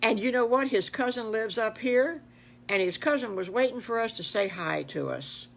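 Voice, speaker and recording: A woman's voice: on the high side, lively intonation, moderate pace, vocal fry, voice pushed up. An older woman voicing a chatty, encouraging mother pig in a spoken children's story. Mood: cheerful.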